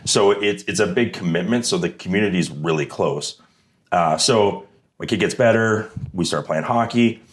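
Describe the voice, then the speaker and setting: A man's voice: on the low side, normal speed. A man on a podcast as a guest, telling a story in a loose, rambling way and leaning on "like" and "right?". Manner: grows loud and animated when retelling banter. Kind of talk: casual storytelling.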